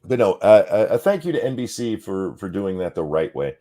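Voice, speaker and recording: A man's voice: fairly low pitch, big pitch swings, fairly quick, dark tone. A man giving a blunt, sarcastic reaction rant, swearing freely while fighting the hiccups. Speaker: political commentary streamer.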